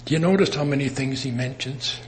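A man preaching a sermon in an earnest manner, with emphatic rises and soft drops. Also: mid-range voice, fairly quick, slight background noise. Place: assembly worship.

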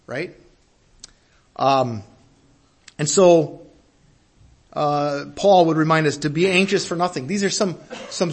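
Husky-voiced man preaching a sermon. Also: fairly high pitch. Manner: earnest, building to emphatic peaks, with repeated phrases.

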